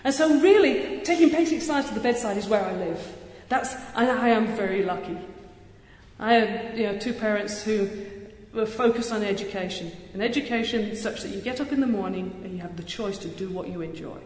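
A woman's voice: mid-range voice, brisk. Earnest woman speaking in an echoey hall. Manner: earnest, energetic, with self-deprecating humor and restarts. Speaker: burns surgeon giving a public talk. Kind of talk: public speech. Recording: echoey hall with long reverb.

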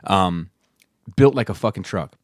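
A man with a low voice chatting casually as a co-host, spinning loose anecdotes with plenty of swearing. The sound is dry and close, with no room around it. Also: a little slow, no echo. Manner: animated storyteller, swears freely. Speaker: podcast co-host. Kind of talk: casual chat.

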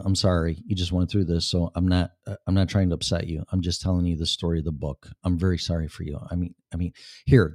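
A man with a very low voice talks straight to his listener as a show host, blunt and full of casual profanity. His voice sits close and dry, with no room sound behind it. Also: a little mellow, no room sound.

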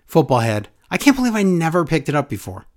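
An animated man hosting a casual podcast, his pitch jumping high and low as he talks. He reads listener emails aloud and jokes along the way. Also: fast. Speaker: podcast host. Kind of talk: casual wrestling podcast chat.

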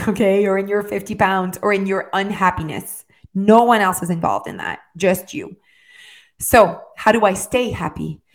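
Earnest woman coaching with direct check-ins. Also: medium pitch. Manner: heartfelt and rambling, with restarts. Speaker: motivational speaker on weight and wellness. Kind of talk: earnest motivational monologue.

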